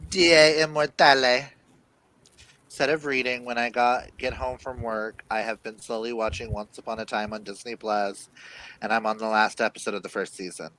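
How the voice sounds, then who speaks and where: A man co-hosting a live chat show in a casual way, laughing loudly in high bursts. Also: steady tone, normal speed, rough recording. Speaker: livestream co-host.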